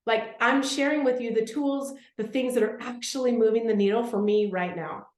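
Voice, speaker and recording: A woman's voice: fairly high pitch, normal speed, echoey room. A woman in her thirties or forties leading a live workshop, talking eagerly and emphatically to the group and repeating phrases for effect. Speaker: workshop speaker.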